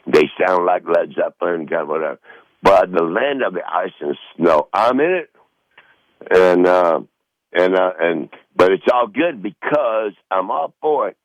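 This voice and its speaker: Podcast host, middle-aged man, very low voice, dry close sound, profane and rambling. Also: creaky, dry recording, lo-fi sound. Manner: profane, rambling, reads from notes. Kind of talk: rambling casual monologue. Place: Northern Michigan home.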